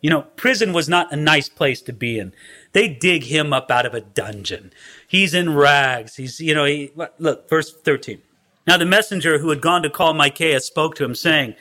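A man preaching a sermon who tells the story in an animated way and acts out the scenes. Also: a little high, normal speed. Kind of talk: expository sermon.

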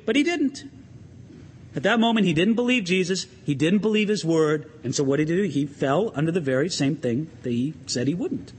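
A pastor preaching an animated sermon in a church, asking the congregation questions and swinging his emphasis up and down. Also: on the high side, fairly quick, breathy edge, long reverb tail.

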